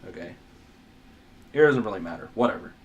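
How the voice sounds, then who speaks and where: A man's voice: fairly low pitch, lively intonation, a little fast. Man, drawing tutorial, talks while sketching, rambly, mutters to himself, self-mocking, swears casually. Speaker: art tutor.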